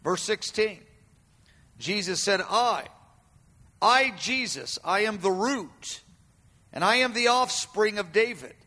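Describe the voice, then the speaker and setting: A man delivers a sermon in a high, bright voice that rings out through a reverberant hall. He speaks with emphasis, circling back over key phrases and drawing quoted cries out slowly and loudly. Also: expressive. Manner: emphatic, repeats phrases, swells loud and slow on quoted cries. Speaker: preacher. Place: room with an audience.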